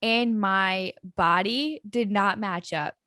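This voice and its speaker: A young woman co-hosting a podcast, telling stories in a giggly, animated way. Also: medium pitch, takes it slowly, no room sound, clean studio sound. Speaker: podcast co-host. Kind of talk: casual chat.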